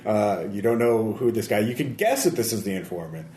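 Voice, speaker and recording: A man serves as game master, prompting his players briskly and often breaking into laughter. His pitch swings in a lively way, and the recording sounds roomy, like a table of players. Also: a crowd in the background.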